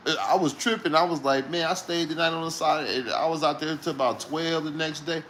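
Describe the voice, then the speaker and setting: A man's voice: on the high side, fairly quick, few pauses, a bit bright, slight background noise. A man who drives trucks, telling a rambling story in casual talk, swearing often and laughing between lines.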